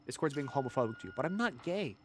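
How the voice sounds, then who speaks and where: Male streamer, rambling casual chat, bright tone, very lively pitch. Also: fast talker, a little hiss or hum. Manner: rambling, excitable, swears freely.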